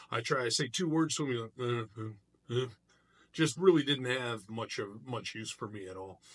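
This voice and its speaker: In a slightly rough, mid-range voice, a middle-aged man who practices martial arts recounts something from his own life for his vlog. The delivery is casual and animated, with frequent restarts.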